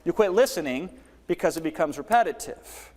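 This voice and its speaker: A man teaching a live workshop on selling, who demonstrates delivery by swinging his volume, pace and pitch. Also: lively intonation, brisk, darkish tone, in a large hall. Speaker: webinar trainer.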